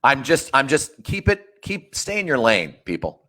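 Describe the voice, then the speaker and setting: Guy cohosting a sports podcast, deadpan jokey, mid pitch. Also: moderate pace. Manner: dry, joking sarcasm. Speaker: podcast co-host. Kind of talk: casual sports chat.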